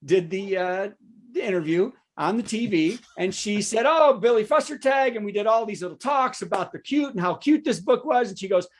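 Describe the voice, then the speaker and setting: A man, a comedian hosting a virtual show with a topical news monologue and quick asides to the audience. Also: high voice. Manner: joking asides, checks in with the audience. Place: home setup for a virtual show.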